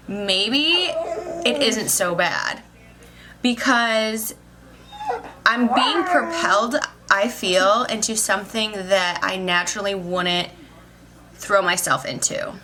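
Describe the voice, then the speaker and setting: Speaking slowly with long pauses, a young woman vlogs casually about her day while background noise runs underneath. Her voice is mid-range, and as a social worker and vlogger she gets emotional, rambles, and leans on "like" all the time.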